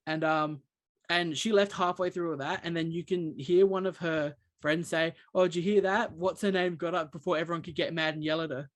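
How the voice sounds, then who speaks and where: A man's voice: on the high side, fairly even intonation, fairly quick. A man telling a long story as a podcast co-host, rambling with many restarts. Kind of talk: casual chat.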